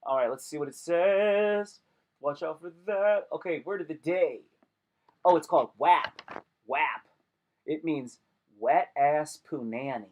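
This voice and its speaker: A man's voice: a little high, slow pace, a little mellow. A young man chatting casually on a live stream, joking and rambling with lots of slang.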